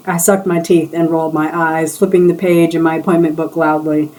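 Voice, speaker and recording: A woman with a lowish voice reads aloud from her own novel. She voices each character's dialogue in a different way. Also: flat delivery, brisk, hardly any pauses, dark tone, rough recording. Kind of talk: live book reading.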